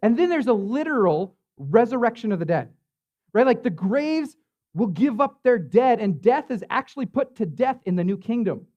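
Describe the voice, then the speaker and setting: A man's voice: very high-pitched, sing-song, moderate pace, darkish tone, lo-fi sound. A man preaching as a pastor in a church, in a loose, conversational way, full of fillers and tag questions. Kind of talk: sermon.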